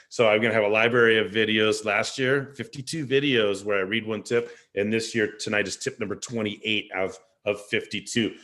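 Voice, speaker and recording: A middle-aged man with a somewhat low voice hosts a casual live stream over a video call. He talks in a chatty, upbeat way and drifts off into asides before coming back to the point. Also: a bit bright. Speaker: host. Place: rented four-story house.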